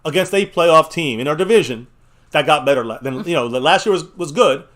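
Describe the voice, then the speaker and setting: A man reacts to a football game as it unfolds, his voice already wearing thin and rough from shouting. His pitch is a bit high for a man and swings widely, jumping up when something big happens. He talks casually and swears freely. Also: brisk. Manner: excitable, loud outbursts at big plays, swears. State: voice getting hoarse. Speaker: co-host of a fan watch-party stream.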